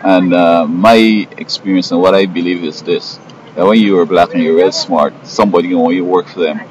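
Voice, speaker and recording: A man talking at length in a rambling, aggrieved personal monologue, halting and restarting often. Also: sits low, fairly even intonation, dull audio, background noise. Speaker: vlogger.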